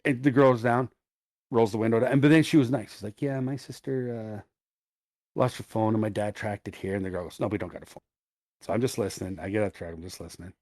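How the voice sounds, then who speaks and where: A middle-aged man, co-hosting a podcast, tells an animated, profane story in casual chat. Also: lowish voice, fast talker, dry recording, studio quality. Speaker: podcast co-host.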